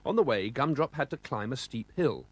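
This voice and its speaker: A man's voice: medium pitch, expressive, normal speed, husky. A man with a British accent narrating a children's storybook expressively, voicing sound effects.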